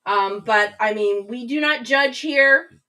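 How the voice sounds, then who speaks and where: A woman's voice: on the high side, slow, pushed and bright, distant mic, rough recording. A woman hosting a live stream, chatting casually and reading viewer comments aloud. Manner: chatty, reads chat comments aloud, rambling restarts. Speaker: livestream host. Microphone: webcam mic, a little back from screen.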